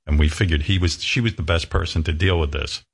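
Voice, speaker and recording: A man's voice: very deep voice, a little fast, vocal fry, slightly rough. A man in his sixties, a radio host, talking candidly and emotionally, rambling with many restarts. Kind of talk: candid talk-show conversation.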